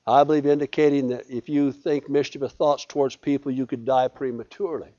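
A man's voice: medium pitch, fairly even intonation, fairly quick, few pauses, dark tone, lo-fi sound. A man preaching a sermon in a folksy, emphatic way, often repeating his phrases. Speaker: pastor.

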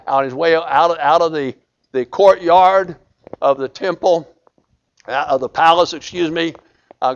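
Guy preaching, high voice, goes from hollering to almost a whisper, kinda muffled lo-fi tape. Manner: impassioned, swings from loud cries to hushed pleading. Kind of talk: sermon.

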